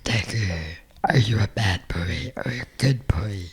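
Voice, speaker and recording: A woman putting on a goofy, deep man's voice, drawn out and teasing. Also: unhurried.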